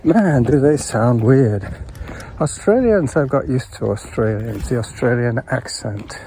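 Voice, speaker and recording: Walking a golf course trail with a chest-mounted camera, a podcaster records a casual, rambling vlog of his morning and says hello to people he passes. He speaks a little slowly in a warm, medium-pitched voice with lively intonation, and outdoor noise is clearly audible behind him.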